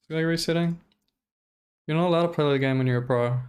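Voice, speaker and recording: Man, streamer, smooth clear voice, casual profane commentary, exasperated rant. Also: a little high, quick pace. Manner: animated, profane, exasperated ranting.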